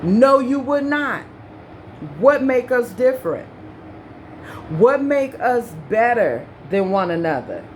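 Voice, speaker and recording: A woman delivers an opinion rant to camera in a slow, deliberate cadence. Her voice sits a little high, and she hammers her points with repetition and rhetorical questions. A faint background hum runs underneath. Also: sing-song. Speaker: commentary vlogger.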